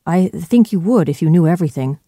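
A reader voicing a fifty-year-old male doctor in a storybook reading, earnest and pleading but turning sharp and firm when pressed. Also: mid-range voice, expressive, a little fast, no echo, clean studio sound.

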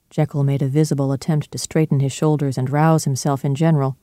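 A narrator reading a storybook in a calm, measured way. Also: medium pitch, dry recording, clean studio sound.

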